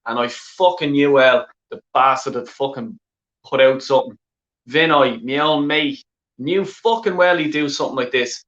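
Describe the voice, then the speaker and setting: A man's voice: mid-range voice, a bit bright, reverberant. Swearing, exasperated Irish man on muffled stream. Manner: heavy swearing, exasperated, repetitive filler phrases. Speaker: football fan vlogger. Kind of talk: angry live-stream rant.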